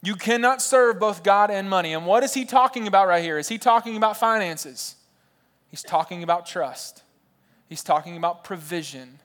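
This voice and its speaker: A man's voice: sits high, normal speed, fairly bright tone. A young man in his twenties preaching a sermon in a large church, talking straight to the crowd with jokey asides. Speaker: pastor.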